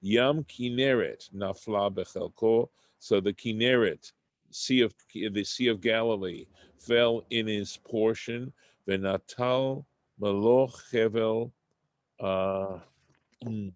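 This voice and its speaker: A man teaching a Torah study class, thinking aloud with halting restarts as he reads Hebrew text and translates it into English. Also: fairly low pitch, no echo.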